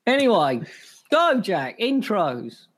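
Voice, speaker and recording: A man co-hosting a livestream, brisk and upbeat in casual chat. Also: sits high, big pitch swings, a bit bright, slight background noise.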